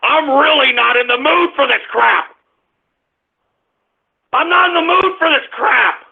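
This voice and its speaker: A man's voice: very high-pitched, measured pace, vocal fry. A man hosting a radio show, ranting and cursing at his chat room in exasperated anger. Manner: angry, exasperated, cursing, shouting at listeners. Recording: tinny phone-like lo-fi internet radio.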